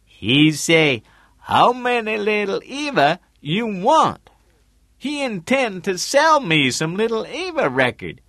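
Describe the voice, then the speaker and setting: A man's voice: sits high, big pitch swings, takes it slowly, a bit bright, dry recording, clean studio sound, pitched above the performer's own voice, exaggerated voice. A man voicing a streetwise male friend who talks in terse broken English. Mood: matter-of-fact. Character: streetwise male friend, agreeable, small-time fixer.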